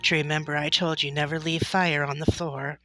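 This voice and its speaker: A woman voicing a gentle, calm pioneer mother in a storybook reading, soft and reassuring. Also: low-pitched, moderate pace, faint music behind, poor audio.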